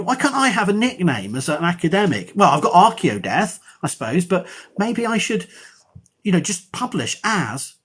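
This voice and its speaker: A middle-aged man, an archaeology professor, chatting on a live stream in a rambling, self-mocking and excitable way. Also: high voice, breathy edge. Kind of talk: casual live-stream chat.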